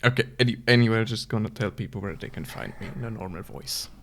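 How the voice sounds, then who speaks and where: A man's voice: lowish voice, quick pace, fairly bright tone. A man with a German accent co-hosting a podcast in casual chat, dry and teasing. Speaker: podcast co-host.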